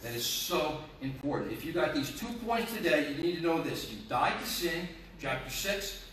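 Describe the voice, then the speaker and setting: Impassioned preacher in an echoey hall. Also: male voice, fairly high pitch, expressive, moderate pace, fairly bright tone, slight background noise. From North Jersey, USA. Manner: impassioned, hammering rhetorical questions and repeated phrases. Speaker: pastor. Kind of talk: sermon. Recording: very echoey room, mic at a distance.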